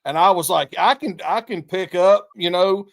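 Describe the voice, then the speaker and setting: A man with a gravelly, fry-heavy voice sitting a little high for a man. He rambles through stories in loose, profane casual chat as a podcast co-host. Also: normal speed.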